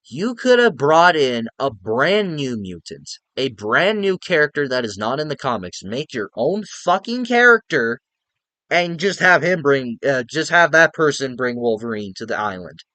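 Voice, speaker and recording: A man's voice: mid-range voice, big pitch swings, normal speed, sharp tone, no room sound. A young man giving a casual, profane, exasperated movie review rant, rambling with lots of filler words.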